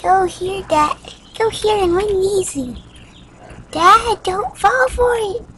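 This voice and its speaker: Woman putting on a squeaky little kid voice, whiny young boy nagging his dad, slow and super high. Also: fairly bright tone, slight background noise, full character voice. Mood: pleading.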